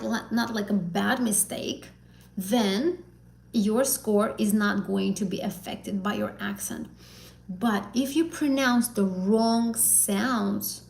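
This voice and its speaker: A woman's voice: medium pitch, creaky, a little mellow, roomy sound, low-quality recording. A woman teaching an exam prep lesson on a live stream, talking casually and encouragingly with fillers and self-corrections. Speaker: IELTS teacher.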